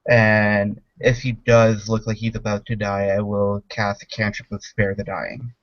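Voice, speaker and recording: A man's voice: lowish voice, flat delivery, unhurried, no room sound, dull audio. A man describing his character's actions in a tabletop game, matter-of-fact. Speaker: player.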